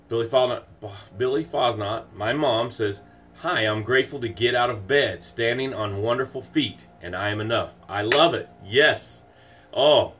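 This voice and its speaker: A man hosting a morning motivational livestream, emphatic and repetitive, greeting viewers by name and guiding breathing exercises. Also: mid-range voice. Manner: swings from loud exclamations to soft breathing guidance. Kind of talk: motivational live stream talk.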